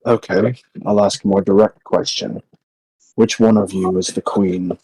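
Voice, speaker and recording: A man voicing a blunt adventurer in a tabletop game, speaking calmly and directly with a gruff edge. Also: lowish voice, measured pace, no echo, poor audio. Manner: calm, direct, unintentionally gruff. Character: blunt deep-voiced man meeting fae.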